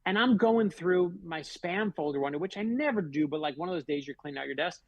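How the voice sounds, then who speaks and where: A man's voice: a little high, fairly quick, dry recording, lo-fi sound. A man, a guest author, telling personal stories in a radio interview and acting out the dialogue in them. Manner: animated storyteller, acts out quoted dialogue.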